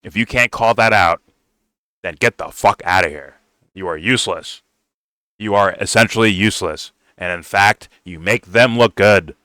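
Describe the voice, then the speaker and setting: A heated man tears into a political video he is reacting to, cursing at every turn. His voice sits a little low and pushes forward with a hard, tense edge, recorded close and dry. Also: moderate pace, sharp tone, no room sound. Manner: blunt, heated, swears constantly, says "bro". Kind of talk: profane reaction rant.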